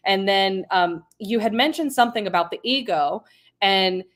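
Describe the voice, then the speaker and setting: A woman's voice: mid-range voice, moderate pace, fairly bright tone. A woman hosting a casual interview, laughing often and asking long, winding questions.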